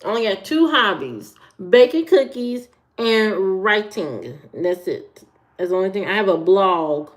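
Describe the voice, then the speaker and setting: A woman's voice: mid-range voice, animated, measured pace. A woman from the American Midwest hosting a livestream, chatting casually with viewers, repeating herself and answering comments. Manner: chatty, repeats herself, talks to chat by name. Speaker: livestream host.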